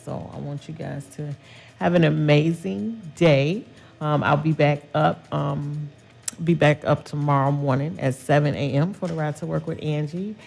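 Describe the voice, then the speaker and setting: A woman's voice: sits low, steady tone, moderate pace, creaky, a little mellow, faint music behind. A woman co-hosting a casual chat show, earnest and a bit preachy. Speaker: co-host.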